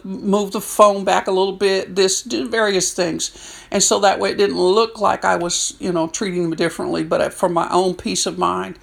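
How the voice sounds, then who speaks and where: A woman in her sixties, a prison chaplain, telling stories in an animated way and acting out what people said. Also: medium pitch, creaky. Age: 60s. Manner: animated storyteller, acts out quotes. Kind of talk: storytelling talk.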